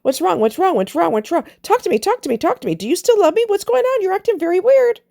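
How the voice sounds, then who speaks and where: A woman doing a shrill clingy anxious wife. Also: big pitch swings, fast talker, creaky, warm tone, full character voice. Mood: anxious pleading. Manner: shrill, pleading, repetitive. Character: clingy anxious wife nagging her husband.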